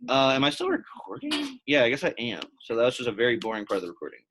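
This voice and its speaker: Young man, Latin teacher, casual classroom lesson, relaxed filler-heavy delivery. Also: medium pitch, fast talker, background noise. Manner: relaxed, chatty, many fillers.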